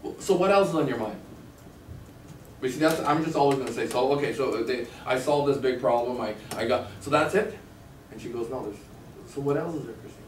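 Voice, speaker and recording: A man with a medium-pitched voice talks fairly quickly while giving a sales negotiation seminar to a live class in a training room. Animated, he tells stories and acts out phone calls, recorded with a distant mic in an echoey room with faint noise.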